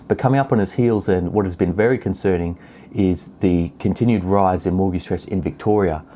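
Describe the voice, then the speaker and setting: A man's voice: sits low, warm tone, slight background noise. A man giving a solo property market update, reading out statistics steadily with occasional fillers. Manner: reads figures steadily, with fillers.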